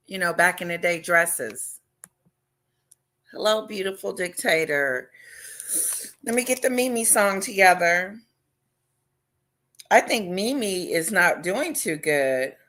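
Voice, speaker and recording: A woman hosting a casual livestream chat, talking loudly and excitedly and greeting viewers by name. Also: on the low side, slow pace, long pauses. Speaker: livestream host.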